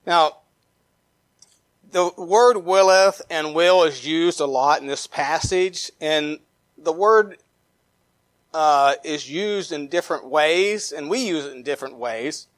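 A man preaching a sermon in a fairly high voice. He reads scripture aloud with fillers and restarts, climbs into emphatic stretches, then sinks to low, trailing drops. The sound is dry and close. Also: takes it slowly, dry recording. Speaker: pastor.

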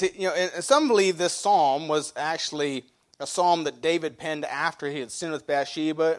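Folksy male pastor preaching. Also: on the high side. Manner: folksy, repeats and restarts phrases, reads scripture slowly. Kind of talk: sermon.

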